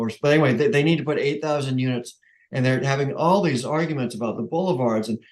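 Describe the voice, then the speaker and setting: A man with a New England accent and a medium-pitched voice talks quickly while chairing a neighborhood council meeting. His speech is casual and rambling, with many restarts, frequent self-corrections, and plenty of chuckles.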